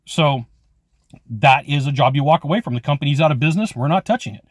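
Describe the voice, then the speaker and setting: Male trade-sales coach, blunt and emphatic, dry close sound, voice sits a bit high. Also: expressive, fast talker, breathy edge, no echo. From California. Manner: blunt, emphatic, storytelling with quoted dialogue. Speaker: HVAC sales trainer. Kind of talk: casual instructional talk to camera.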